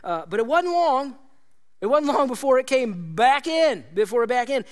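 A man preaching a sermon as pastor, animated and conversational, acting out quoted voices and calling out to the congregation. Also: extremely high pitch, moderate pace.

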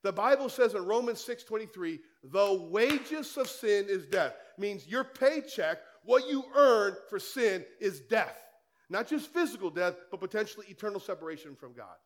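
High-voiced male pastor preaching. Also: animated, normal speed, fairly bright tone. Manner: conversational preaching, firing rhetorical questions at the listeners. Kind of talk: sermon.

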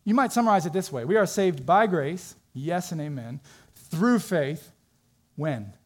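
A man's voice: a little high, animated, measured pace, a little mellow. Earnest male pastor preaching emphatically. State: emotional, tearful at times. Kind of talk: sermon.

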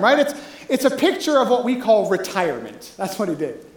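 A pastor preaching a sermon in a relaxed, conversational way, often checking in with the listeners. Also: medium pitch, a little fast, roomy sound, poor audio.

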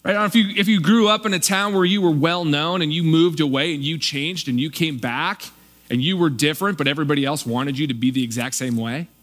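Male pastor, high voice, chatty sermon delivery, acts out other people's lines, faint mains hum. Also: fast talker. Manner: animated, acts out townspeople's voices. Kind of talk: casual conversational sermon.

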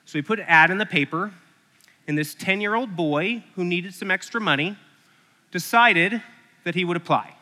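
High, bright-voiced male preacher. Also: normal speed. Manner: animated, acts out stories. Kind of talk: sermon with storytelling. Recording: echoey hall.

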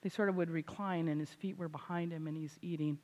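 An older woman, a grandmother and author, preaching a sermon with animated, emphatic delivery. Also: sits low, a little fast. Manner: animated, rising to loud emphatic exclamations. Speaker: Christian speaker and author. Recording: hall reverb.

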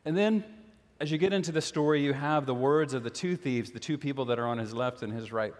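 A man's voice: medium pitch, a little fast, long reverb tail. A man preaching a sermon as a pastor, earnest and questioning, repeating phrases for emphasis.

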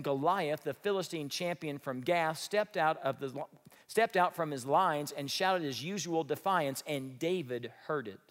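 A man's voice: fairly high pitch, big-room sound. A man preaching a sermon, emphatic and full of rhetorical questions. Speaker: pastor.

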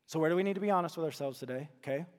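A man's voice: fairly high pitch, racing, a little mellow, big-room sound. A male pastor delivering a sermon, emphatic and fond of repeating his key phrases.

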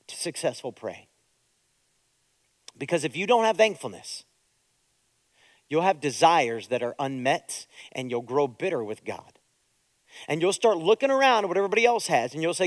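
A middle-aged man preaching a sermon as a pastor, moving between quiet, hushed prayer and loud, urgent exhortation. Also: fairly high pitch, dry recording. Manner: preaching with strong swings between soft prayer and loud urging.

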